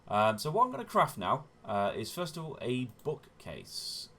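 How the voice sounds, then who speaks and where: A man's voice: medium pitch, wildly swooping pitch, moderate pace, bright, forceful tone. A man hosting a gaming channel, giving chatty step-by-step gameplay commentary and often correcting himself as he goes. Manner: chatty, self-correcting, often says "wonderful".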